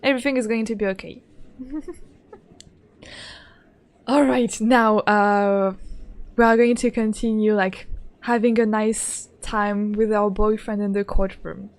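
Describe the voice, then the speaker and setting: A woman's voice: medium pitch, flat delivery, a little slow, long pauses. A woman streaming a game in casual, playful chat, speaking English as a second language and giggling often as she greets her viewers.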